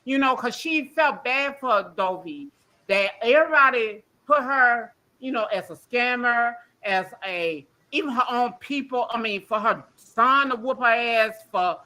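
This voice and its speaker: An emotional woman calls in to a live show and vents in a blunt, profane, rambling way. Her voice is bright and a little high. She swings between heated outbursts and quieter, shaken moments. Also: lively intonation, a little slow. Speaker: caller on a livestream. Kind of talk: emotional call-in rant.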